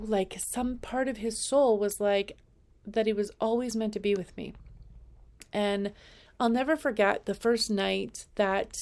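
A woman's voice: mid-range voice, a little mellow. A woman in her fifties hosting weekly inspirational messages, chatting in a rambling, casual way full of fillers. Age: 50s. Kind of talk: casual personal monologue.

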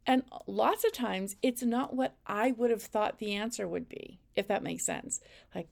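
Calm woman with a gravelly voice. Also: on the high side, moderate pace. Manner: calm, step-by-step second-person instruction. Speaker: spiritual intuition teacher. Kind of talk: guided instructional talk.

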